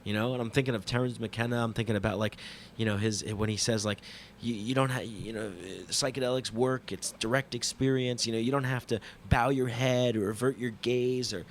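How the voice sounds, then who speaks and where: A man hosting a podcast, telling a travel story in a casual, animated and profane monologue that mocks himself. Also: medium pitch, a little fast, slight background noise. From New York. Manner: profane, animated, self-mocking retelling.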